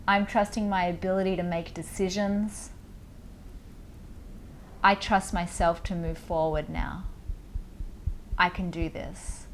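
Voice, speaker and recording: A woman coaching listeners through a guided tapping meditation, giving slow, soothing instructions and affirmations. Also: fairly low pitch, steady tone, slight background noise.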